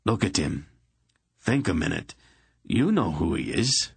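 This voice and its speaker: A man's voice: low-pitched, big pitch swings, unhurried, creaky, husky, no room sound, exaggerated voice. A man voicing a blunt, stubborn male merchant in an audiobook, speaking with dry mockery. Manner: blunt, mocking.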